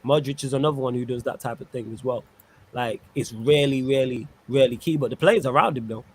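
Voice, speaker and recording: A man's voice: mid-range voice, fairly quick. Man, slangy, laughing, football chat host, faint background noise. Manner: laughs often, slangy and lively.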